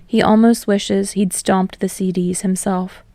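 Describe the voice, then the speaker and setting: A woman narrating fan fiction aloud, steady and slowing on emotional passages. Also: mid-range voice, no echo. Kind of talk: audiobook narration.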